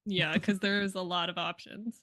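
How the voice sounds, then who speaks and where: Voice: medium pitch, steady tone, moderate pace, bright, forceful tone, no room sound, clean studio sound. A co-host of a live hockey podcast stream, mostly chiming in with short agreements and laughs. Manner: brief agreeing interjections, laughs. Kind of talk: casual chat watching a hockey game live.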